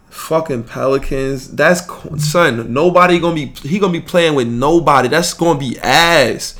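A man's voice: fairly high pitch, normal speed, hardly any pauses, a bit bright. A man hosting his podcast, ranting in a heated, profane and slangy way. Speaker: podcast host. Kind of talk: live emergency podcast rant.

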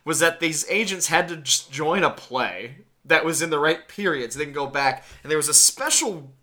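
Man, podcast co-host, hesitant, repeats words, bright tone. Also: fairly high pitch, animated, normal speed. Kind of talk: casual movie discussion.

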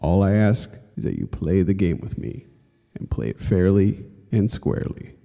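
Earnest man with a dark low voice. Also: big pitch swings, normal speed, vocal fry, big-room sound. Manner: earnest, exhorting, addresses listener as friend. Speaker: course instructor. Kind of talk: read-aloud inspirational lesson.

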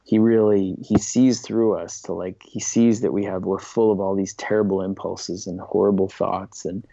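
A man telling stories as a podcast guest, rambling and animated with many restarts. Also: low voice, moderate pace, gravelly, dry recording, lo-fi sound. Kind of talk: casual storytelling in an interview.

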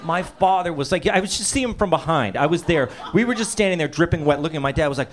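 A man's voice: fairly high pitch, animated, fast talker. A man in his fifties from Massachusetts telling a comic childhood story, laughing through his lines and acting out voices and sound effects. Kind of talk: comedic personal storytelling.

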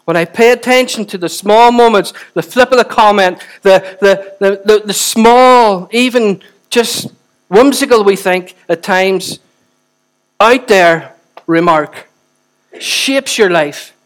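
A man's voice: high-pitched, takes it slowly. A man, preaching a sermon with chatty asides and repeated phrases for emphasis. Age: 40s. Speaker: pastor.

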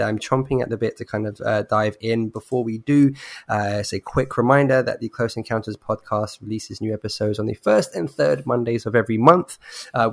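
A man hosting a casual podcast chat, often pausing with ums and uhs. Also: medium pitch, vocal fry. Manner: hesitant, many ums and uhs. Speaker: podcast host.

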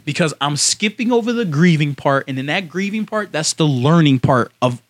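A young man co-hosting a casual podcast with friends. He argues insistently and keeps cutting back in to make his point. His voice sits high and swings widely in pitch. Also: animated, moderate pace. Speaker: podcast co-host. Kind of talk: heated casual chat.

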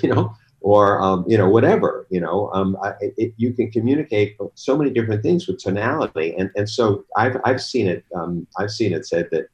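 A man who is a guest on a talk show, explaining things in an animated way with many fillers. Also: low-pitched, poor audio. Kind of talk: casual talk show conversation.

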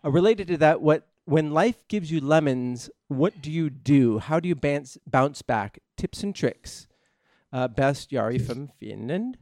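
Male podcast host, higher voice, dry close mic, jokey mail reader. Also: expressive, measured pace, a little mellow, no room sound. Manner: joking, reads mail aloud with put-on accents. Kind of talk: casual chat.

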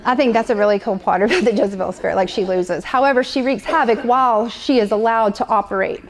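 A woman's voice: a little high, fast talker, a faint crowd, a little hiss or hum. A woman preaching a sermon to a live congregation, conversational and playful, repeating her points often. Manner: conversational, repetitive, playful asides.

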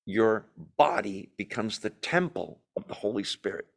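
A man leading a Bible study in a conversational, animated way, joking and acting out quotes as he goes. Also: fairly low pitch, normal speed, gravelly. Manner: animated, jokey, acts out quotes in asides. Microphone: video call or room mic, class also on Zoom.

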